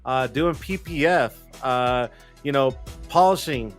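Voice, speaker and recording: A man's voice: medium pitch, takes it slowly, faint music behind. A man hosting a casual chat show, rambling with repeated phrases and lots of fillers. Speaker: host.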